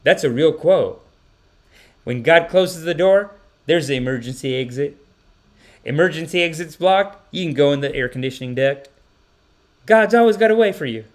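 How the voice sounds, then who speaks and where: A man hosting a casual livestream podcast, reacting to clips with lively joking commentary, laughing often and talking straight to his chat. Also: on the high side, normal speed, long pauses.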